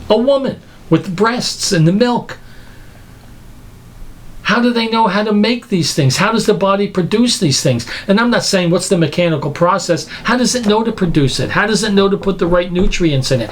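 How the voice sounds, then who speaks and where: A man preaching a lecture-style sermon, emphatic and full of rhetorical questions. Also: sits high.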